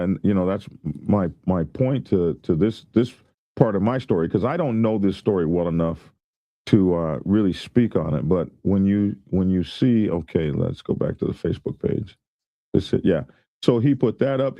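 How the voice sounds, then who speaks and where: Gravelly low-voiced male host. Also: no echo, lo-fi sound. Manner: rambling, reads viewer comments aloud. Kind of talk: casual commentary.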